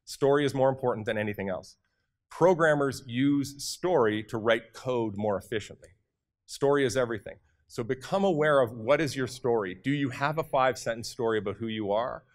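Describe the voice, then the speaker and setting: Energetic man giving a conference talk. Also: medium pitch, brisk. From Canada. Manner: energetic, direct, addresses audience with questions. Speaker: conference speaker. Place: conference hall.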